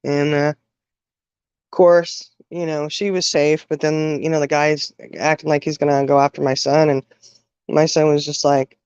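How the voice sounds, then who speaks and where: A woman's voice: low voice, little pitch movement, darkish tone, clean tone, no room sound. Middle-aged woman telling a hard story. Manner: halting, full of "you know" and restarts. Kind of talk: emotional personal storytelling. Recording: dull, dry sound.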